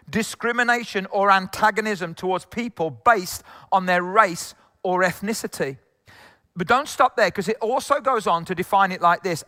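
A man's voice: high voice, sharp tone, big-room sound. A man from England preaching a conversational sermon with jokes and asides. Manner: conversational, jokey, many asides. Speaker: pastor.

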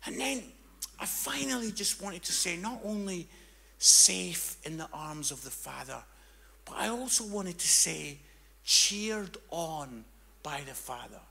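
A man preaching a sermon, telling a story and swinging from hushed tones to loud, fervent passages. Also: high voice, expressive, a little slow, creaky.

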